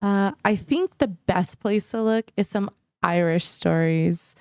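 A woman's voice: medium pitch, takes it slowly, clean tone, dry recording, studio quality. A woman co-hosting a podcast in casual chat, blunt and giggly, often laughing. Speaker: podcast co-host.

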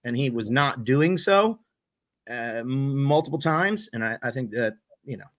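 A man's voice: mid-range voice, animated, normal speed. A man co-hosting a podcast, telling a self-deprecating paintball story in a casual way. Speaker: podcast co-host and paintball player.

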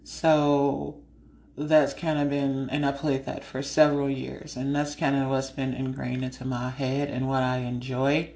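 With a bass voice and a measured pace, a female podcast host talks casually and frankly. She laughs often while telling stories and animatedly performs her own side of conversations.

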